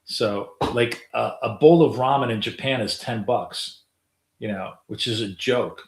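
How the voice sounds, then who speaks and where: In a large, echoing room, a middle-aged day trader streams his live trading in an unhurried, mid-range voice. He's casual and rambling, swearing now and then and leaning on lots of filler.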